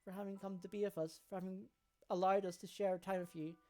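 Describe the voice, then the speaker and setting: A woman voicing a calm, gentle male caregiver, speaking softly and hushed. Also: mid-range voice, brisk, natural voice. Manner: soft and hushed. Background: faint game music.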